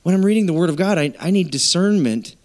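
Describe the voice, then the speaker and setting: A man's voice: high voice, lively intonation, quick pace, darkish tone. A man preaching a sermon to his congregation, telling stories and acting out quoted voices in a casual conversational way. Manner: addresses congregation directly. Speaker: pastor. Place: church.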